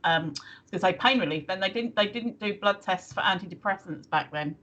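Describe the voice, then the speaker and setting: A woman's voice: mid-range voice, a little fast, fairly bright tone. An older woman chatting casually in rambling asides as a stream co-host. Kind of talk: casual chat.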